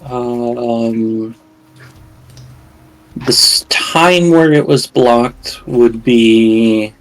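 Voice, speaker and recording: A man serving as game master and storyteller, pausing often and searching for words. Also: medium pitch. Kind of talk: narrating a tabletop game.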